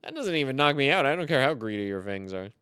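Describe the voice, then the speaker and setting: A man giving comedic card-game commentary, boastful and theatrical, swinging between loud outbursts and low mutters. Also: big pitch swings, fast, clear, resonant tone, no echo, clean studio sound.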